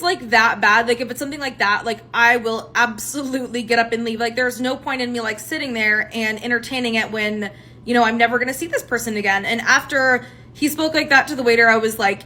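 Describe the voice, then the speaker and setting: A young woman telling a dating story to camera, animated and sarcastic, acting out each person's lines. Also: high-pitched, fairly quick. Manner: animated, sarcastic, acts out both sides of the dialogue. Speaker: TikTok storyteller.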